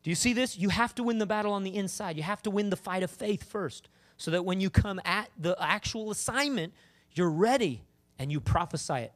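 A man preaching a lively sermon to a congregation, emphatic and calling out to them. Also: sits high, brisk. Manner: animated, emphatic, calls out to the congregation. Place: church with congregation.

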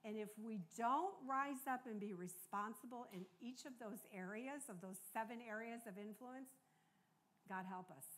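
A woman's voice: on the high side, moderate pace, hardly any pauses, fairly bright tone, slight background noise. Earnest older woman preaching. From United States. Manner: conversational, earnest, asks the congregation for agreement. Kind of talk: sermon.

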